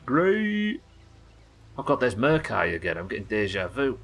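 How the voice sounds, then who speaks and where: A man streaming a game live, talking in quick excitable bursts and chatting to his viewers. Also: fairly low pitch, breathy edge. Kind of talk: live gameplay commentary.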